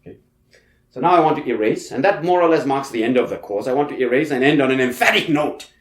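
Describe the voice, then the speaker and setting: A man's voice: mid-range voice, fast. A man giving a university lecture in a conversational way, often saying "okay" and "you know", and stressing points with emphasis. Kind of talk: classroom lecture. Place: lecture room. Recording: echoey lecture hall.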